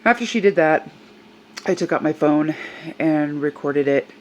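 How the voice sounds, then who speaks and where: A woman's voice: low voice, lively intonation, measured pace, a little hiss or hum, poor audio. An older woman tells a personal story in a vlog, earnest and upset as she recounts what happened. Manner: upset, earnest retelling with quoted voices. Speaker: service dog handler.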